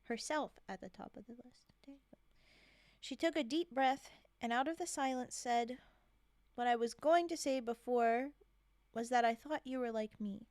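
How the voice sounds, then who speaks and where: A woman's voice: a little high, normal speed, darkish tone, dry recording, studio quality. A woman streamer reading holiday short stories aloud, breaking off to laugh and chat with viewers. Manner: giggly, chatty, breaks off to react to viewers. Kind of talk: casual read-aloud with chat asides.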